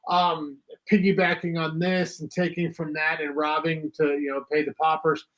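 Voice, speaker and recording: A man co-hosting a casual podcast, his voice sitting a bit high. He muses in long, winding sentences, piling up fillers and softening hedges as he thinks out loud. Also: level tone, normal speed. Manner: rambling, reflective, hedging with fillers. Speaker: podcast co-host. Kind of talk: casual chat.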